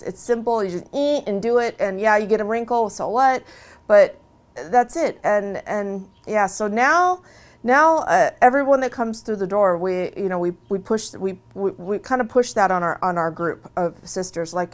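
Woman, interview, earnest, animated, conversational, middle pitch. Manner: conversational, often restarting phrases. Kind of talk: long-form interview, casual personal talk.

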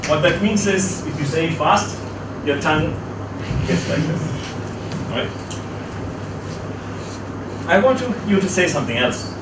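A man's voice: on the high side, animated, unhurried, pauses often, very noisy. A man teaching a class, asking students questions and leading them through a word exercise. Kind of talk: classroom lecture. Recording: echoey classroom from far off.

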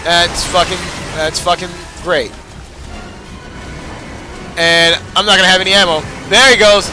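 A man's voice: high voice, steady tone, unhurried, long pauses, sharp tone, faint music behind. A young man giving casual, frustrated gameplay commentary, swearing and cheering himself on. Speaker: gamer.

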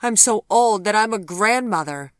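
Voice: mid-range voice, animated, normal speed, no room sound, clean studio sound, pitched above the performer's own voice, lightly acted. Reader doing a flustered grandmother. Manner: teasing, then awkward and defensive. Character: flustered new grandmother, a woman.

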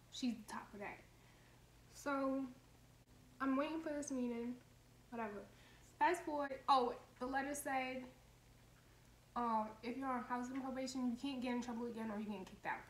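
Brief: woman in her twenties, fairly high voice, blunt profane storyteller, echoey room with faint noise. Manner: animated, profane, heated storytelling. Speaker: vlogger telling a story. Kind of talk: casual storytime vlog.

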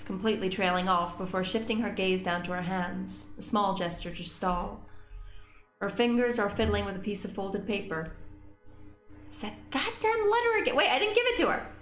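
A woman gaming YouTuber reading a visual novel aloud and reacting, excitable and swearing freely. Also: roomy sound. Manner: excitable, swears freely, squeaks when frustrated.

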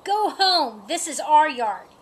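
A woman's voice: sits high, very animated, fast, sharp tone, slight background noise, pitched above the performer's own voice, exaggerated voice. A woman voicing a haughty, territorial calico cat in a storybook, sounding disgusted and prissy.

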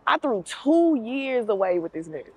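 High-voiced woman, blunt and dismissive. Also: very animated, moderate pace, darkish tone, breathy edge. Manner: blunt, repeats dismissive phrases. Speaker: girlfriend in a loyalty test. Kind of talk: heated casual confrontation.

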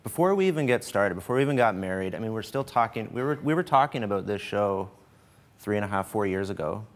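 A man speaking as a guest before a live studio audience, relaxed and good-humoured. His voice sits on the low side, and he talks in an unhurried, reflective way, breaking into light jokes. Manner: easygoing, joking, thoughtful pauses. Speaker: host's husband, guest. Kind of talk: casual on-stage conversation.

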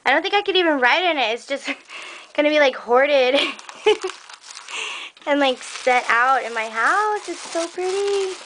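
A young woman excitedly unboxing craft gifts for her viewers, gushing, gasping and laughing as she talks. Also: high-pitched, unhurried. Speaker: crafting vlogger opening a swap package. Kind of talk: casual unboxing chat.

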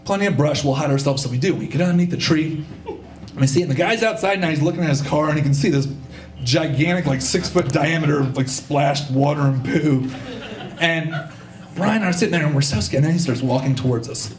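A man's voice: fairly high pitch, fairly quick, echoey room. A man performing a funny personal story at a live storytelling show, acting out the voices of the people in it. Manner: animated, acts out voices, audience laughter. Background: audience laughter.

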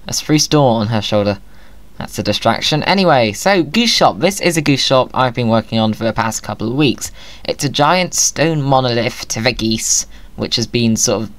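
A man giving playful, jokey commentary over his own gameplay, often talking to himself. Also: mid-range voice. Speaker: Minecraft video creator.

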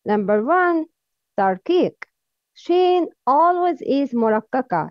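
Slow, high-voiced woman teaching letter sounds. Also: sing-song, darkish tone, dry recording, dull audio. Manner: demonstrates sounds by repeating them, then corrects wrong versions. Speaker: Quran recitation teacher. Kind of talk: slow pronunciation lesson.

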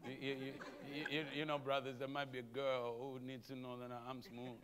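A man preaching a sermon as pastor, animated, calling out to the congregation and chuckling between points. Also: medium pitch, fairly quick, long reverb tail, background noise. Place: church sanctuary.

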